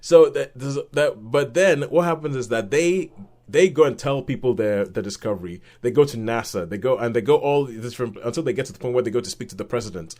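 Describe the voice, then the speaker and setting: A man's voice: medium pitch, brisk. Chatty man reviewing films on a podcast. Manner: animated retelling with acted-out quotes and laughs. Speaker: podcast co-host, film reviewer. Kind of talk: casual film review chat.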